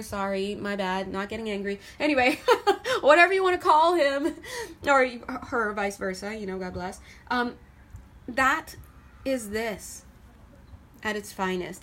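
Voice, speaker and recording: A woman doing a casual tarot reading to camera, chatty and animated, laughing often as she talks through the cards. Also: medium pitch, slight background noise. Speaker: tarot reader.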